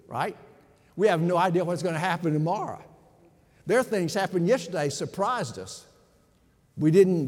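A man's voice: fairly high pitch, a little mellow. A man preaching a sermon as pastor, emphatic and speaking directly to his congregation. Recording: long hall reverb.

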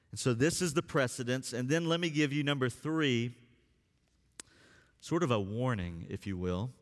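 A man preaching a sermon as pastor, speaking earnestly and drawing out key words for emphasis. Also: mid-range voice. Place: church sanctuary. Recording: long reverb of a church hall.

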